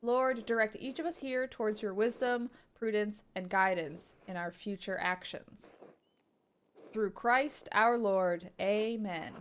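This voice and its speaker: A woman voicing a stern, sanctimonious older male abbot in a formal, measured reading. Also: medium pitch, close to an everyday voice. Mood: stiffly formal.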